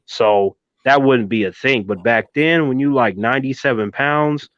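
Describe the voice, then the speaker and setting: A man in his thirties telling a story in a casual chat, animated and swearing, on a dull, dry recording. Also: medium pitch, normal speed, dry recording. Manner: animated, swearing, keeps addressing his co-host by name. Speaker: podcast co-host.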